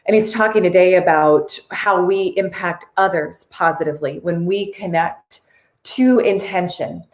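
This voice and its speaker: A woman's voice: on the low side, measured pace. Earnest, tearful woman host in an echoey room. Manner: earnest and emotional, reads viewer comments aloud. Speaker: live-stream host. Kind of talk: casual live-stream talk.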